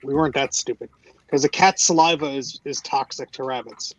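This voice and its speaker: A man's voice: mid-range voice, brisk, no echo, highs cut off. A man on a video call, chatting casually and a little ramblingly from his basement, using headphones with a tablet. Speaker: guest on a video call stream. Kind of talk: casual chat.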